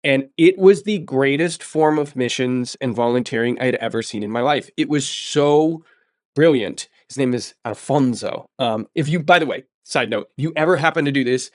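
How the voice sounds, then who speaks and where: A man's voice: medium pitch, moderate pace, dry recording, clean studio sound. A man telling a travel story in a casual interview, emphatic and enthusiastic, often repeating words for stress. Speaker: podcast host sharing his story.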